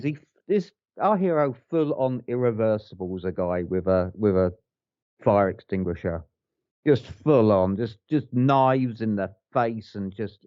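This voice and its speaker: A man's voice: mid-range voice, normal speed, a little mellow, dry recording, muffled recording. A man co-hosting a podcast, chatting casually and enthusiastically about films, swearing and rambling with restarts. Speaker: podcast co-host. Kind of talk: casual film review chat.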